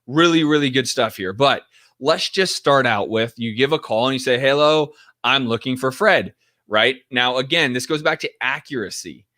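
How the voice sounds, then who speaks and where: A man's voice: mid-range voice, moderate pace, sharp tone. A man teaching in a casual, direct way, often acting out sample phone calls to show what to say. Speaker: real estate investing coach.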